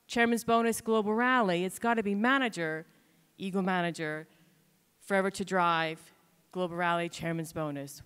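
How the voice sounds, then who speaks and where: Bright, crisp woman speaking in a hall. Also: medium pitch. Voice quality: animated storytelling, acting out her own complaints. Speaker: keynote speaker. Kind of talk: motivational stage talk. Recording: reverberant hall sound.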